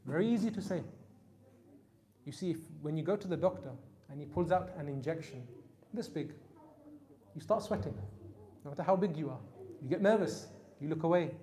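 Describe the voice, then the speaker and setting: A man preaching a Muharram sermon, telling stories with emphatic peaks that drop to soft, quiet lines. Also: fairly high pitch, animated, a little fast, long pauses. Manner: storytelling, rising to emphatic peaks then dropping soft. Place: mosque hall.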